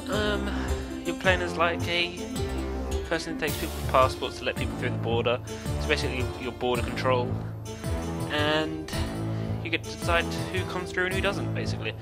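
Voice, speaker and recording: A man's voice: fairly high pitch, lively intonation, moderate pace. A young man casually commentating a game as he plays, rambling and hesitant with lots of fillers and restarts. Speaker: gameplay video host. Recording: game music loud behind voice. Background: loud game music.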